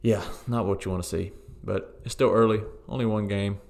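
Deep gravelly-voiced man talking football. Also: brisk. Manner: relaxed, opinionated, frequent fillers. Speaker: co-host of a football podcast. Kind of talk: casual sports chat.

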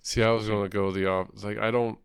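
Man, casual chat, blunt, swears often, deep voice, dry close mic. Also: little pitch movement, fast, creaky, smooth, no echo. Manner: blunt, swears a lot, rambling. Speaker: comic book podcast co-host.

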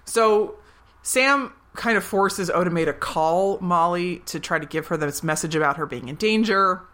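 Bright-voiced woman recapping a movie. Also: fairly low pitch. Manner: animated retelling with quick acted-out quotes, laughs often. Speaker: podcast co-host. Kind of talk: casual movie-recap chat.

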